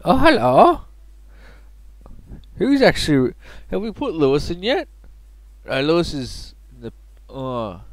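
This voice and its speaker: A man's voice: medium pitch, no room sound. A man giving casual, joking let's play commentary, chatty and muttering to himself.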